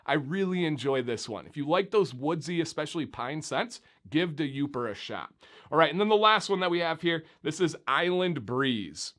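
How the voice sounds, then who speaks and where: A young man from Michigan reviewing beard oils in a casual, animated vlog, talking straight to viewers. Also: a little high. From Michigan, USA.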